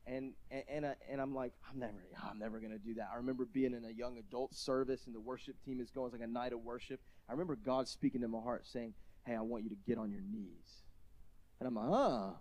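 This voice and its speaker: Man preaching, mellow warm tone, conversational, bursts into shouts, self-deprecating asides. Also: mid-range voice, fast talker. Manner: animated, rising to shouts in emotional peaks. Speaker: pastor. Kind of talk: sermon.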